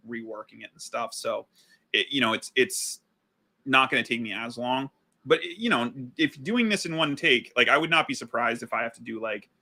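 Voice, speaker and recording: A man's voice: medium pitch, gravelly, bright, forceful tone. A man hosting a business show, talking casually between recording takes in a loose, chatty way full of fillers and restarts. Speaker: host; business coach.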